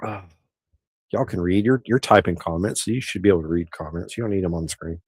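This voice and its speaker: A man's voice: sits low, quick pace, darkish tone, husky, no room sound. A middle-aged man, hosting a casual livestream and rambling easily through viewers' comments. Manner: rambling, easygoing, with frequent restarts. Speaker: livestream host.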